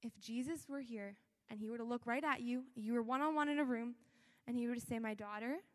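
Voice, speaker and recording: A woman's voice: a little high, a little fast. A young woman giving a sermon in a church, talking in a conversational, earnest way with many fillers and restarts. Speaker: church speaker. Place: church hall. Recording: long echo of a large hall.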